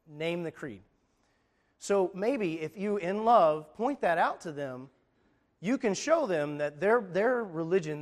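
A man preaching a sermon, talking in a conversational, emphatic way with frequent restarts and scripture readings. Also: fairly high pitch.

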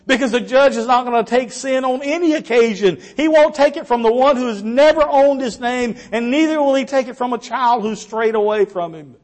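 A man preaching a sermon earnestly, with rhetorical questions and quiet trailing endings. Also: very high voice, a little fast, hardly any pauses.

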